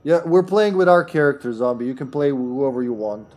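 A man's voice: medium pitch, animated, fairly quick, a little mellow. A man streaming a video game with friends, chatting casually, joking and laughing often. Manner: jokey, laughs often, rambling. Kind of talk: casual gaming chat.

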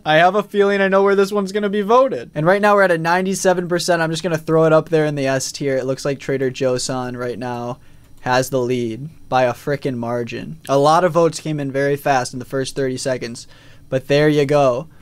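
A man's voice: a little high, clear, resonant tone. A man casually commentating a live stream, reading out chat votes and poll results with frequent fillers.

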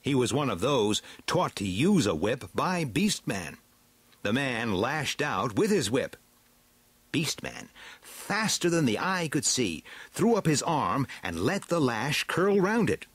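Slow, husky male storybook narrator. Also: medium pitch, very animated, no echo. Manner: slow, dramatic, swooping delivery. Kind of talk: storybook reading.

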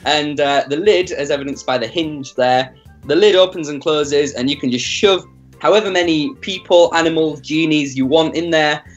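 A man calmly pitching a dark joke invention as a guest in a party game. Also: normal speed, dull audio, soft background music. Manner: deadpan dark humor. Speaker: guest player. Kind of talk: casual game chat.

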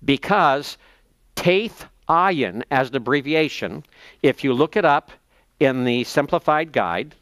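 A man in a seminary lecture, explaining texts step by step, slowing down to spell out terms and page numbers, thinking aloud as he checks his notes. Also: mid-range voice, animated, fairly bright tone, dry recording. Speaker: seminary professor. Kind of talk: classroom lecture.

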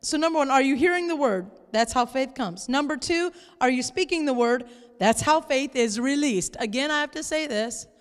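A woman pastor preaching a sermon in church, lively and playful, sometimes acting out exasperated voices. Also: high-pitched, moderate pace, in a large hall. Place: church sanctuary.

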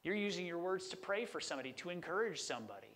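Enthusiastic pastor, higher-pitched man. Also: sing-song, rapid-fire, a bit bright. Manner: conversational, enthusiastic about word meanings. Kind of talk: sermon.

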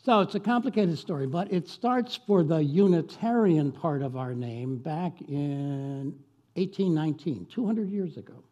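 Husky, mellow-voiced male minister. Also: on the high side, expressive, measured pace, lo-fi sound. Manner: folksy, with chatty asides to the congregation. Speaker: guest minister. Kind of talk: storytelling sermon.

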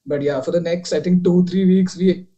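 Over a video call, a young man tells a ghost story in a high voice with fairly even intonation at a normal pace, and the sound is lo-fi. He rambles with lots of fillers and restarts, dropping quieter as he retells it.

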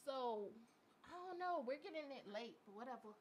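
High, lively woman with a bright voice. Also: normal speed, slight background noise. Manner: animated, laughing, dramatic storytelling. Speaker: co-host. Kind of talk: casual chat on live radio.

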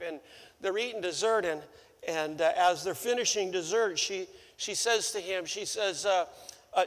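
A middle-aged male pastor preaching a sermon, telling a story in an animated way with stammering restarts. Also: high voice, normal speed, in a large hall. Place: church sanctuary.

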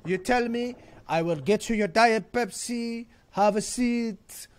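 A man voicing a pushy, fast-talking shopkeeper with a heavy put-on accent in an improvised comedy sketch. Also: extremely high pitch, smooth. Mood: pushy salesy. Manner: heavily accented, pushy salesman patter.

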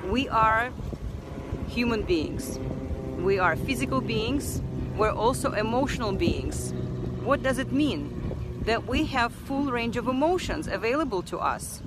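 A woman's voice: fairly high pitch, big pitch swings, measured pace, very noisy. A woman speaking earnestly in a personal reflective vlog, repeating phrases for emphasis. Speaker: self-help vlogger.

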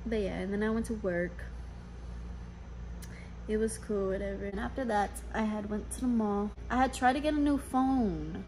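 A young woman vlogging late at night in a recording studio, telling her day's story in a loose, profane, ranting way. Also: medium pitch. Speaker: vlogger and singer. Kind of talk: casual chat to camera.

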